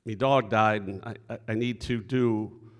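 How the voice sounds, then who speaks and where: A man's voice: on the low side, fairly even intonation, a little slow, lightly acted. A man voicing a grieving old rural man, hesitant and plain-spoken, in an echoey hall. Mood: mournful.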